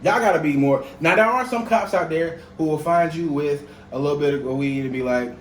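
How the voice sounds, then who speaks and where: A man's voice: a little high, fairly quick, roomy sound, a little hiss or hum, rough recording. A young man co-hosting a podcast, talking in a heated, emphatic and profane way. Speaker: podcast co-host. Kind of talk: casual podcast chat.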